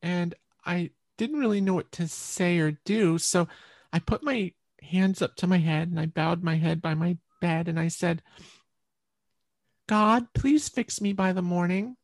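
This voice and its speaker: Woman guest, earnest storytelling, repeats herself, gravelly voice, dry close sound. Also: on the low side, normal speed, a little mellow, dry recording. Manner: earnest, repeats words while recalling. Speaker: interview guest. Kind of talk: personal storytelling in conversation.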